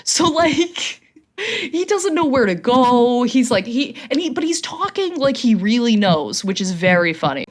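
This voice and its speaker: A young adult woman co-hosting a podcast, telling a comedic story in a casual, animated way and laughing as she goes. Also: a little high, a little slow. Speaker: podcast co-host.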